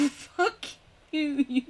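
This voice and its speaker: A woman's voice: sits high, extremely slow, a little mellow, slight background noise. A young woman streaming a game, reading its text aloud and chatting casually, often giggling and swearing. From United Kingdom. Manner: giggly, swears casually, chats with chat between read lines.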